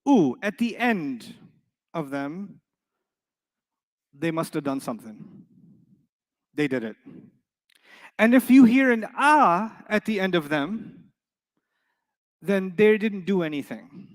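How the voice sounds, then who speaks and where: A middle-aged man with a high voice teaches a live class. He is playful, keeps throwing questions at the students and often answers them himself. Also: big pitch swings, takes it slowly, pauses often, big-room sound. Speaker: Arabic teacher.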